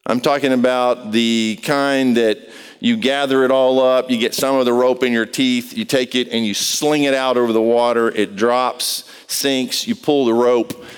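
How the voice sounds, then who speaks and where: Smooth-voiced pastor in a big reverberant hall. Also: male voice, mid-range voice, fairly even intonation, measured pace. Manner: storytelling, quizzing the congregation. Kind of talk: conversational sermon. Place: large church hall with a congregation. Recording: long reverb of a large hall.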